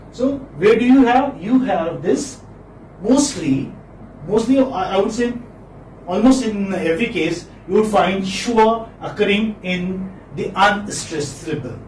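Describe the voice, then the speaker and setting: A man's voice: high voice, a little mellow, slight background noise. A man teaching phonetics in a class, encouraging his students and repeating key terms. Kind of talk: classroom lecture. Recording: echoey room, far from mic.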